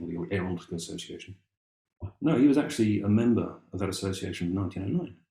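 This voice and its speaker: A man talks casually and wryly, thinking aloud with ums and restarts. His voice sits fairly low. The room around him rings with a clear echo. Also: dark tone. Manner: musing, wry, with many ums and restarts. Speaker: amateur family historian presenting. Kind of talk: casual talk with read-aloud documents.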